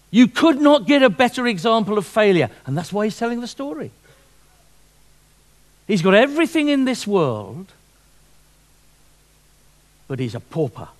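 A man preaching a sermon, lively and fond of repeating himself and asking rhetorical questions. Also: high-pitched.

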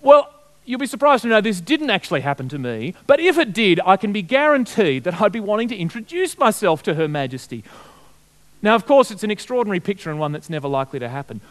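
Male pastor, high and very animated delivery, storytelling sermon. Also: fast talker. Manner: storytelling, asks the congregation direct questions.

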